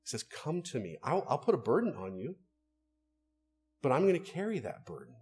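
A man's voice: mid-range voice, wildly swooping pitch, moderate pace, darkish tone, slightly rough. A man, a pastor, preaching an earnest, conversational sermon and asking his listeners rhetorical questions.

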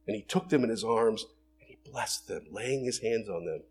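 A man's voice: fairly low pitch, normal speed, slightly rough. A man preaching a sermon in an earnest way, building to emphatic bursts and acting out the quoted lines. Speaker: pastor.

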